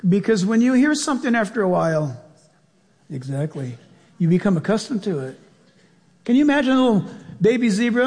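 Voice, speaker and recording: Male pastor preaching, high and expressive, husky edge, long hall reverb, acts out bits. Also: brisk, pauses often. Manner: animated, acts out voices and laughs mid-sentence. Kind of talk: sermon.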